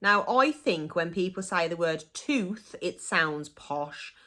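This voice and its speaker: A woman's voice: fairly low pitch, expressive, slow pace, bright, forceful tone. A young woman with a Black Country accent, chatting casually and giggling as she explains her local dialect. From Black Country, England. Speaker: vlogger.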